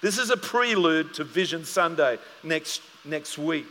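A man's voice: on the high side, lively intonation, measured pace, bright, forceful tone, long reverb tail. A man preaching a sermon as pastor, telling stories animatedly and acting out both sides of a conversation.

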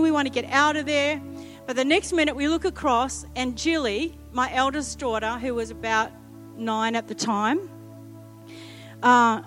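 A middle-aged woman preaches in a high voice, telling a lively, funny story and acting out each quote. Faint music plays underneath her. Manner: lively, humorous, acts out quotes. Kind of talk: sermon storytelling.

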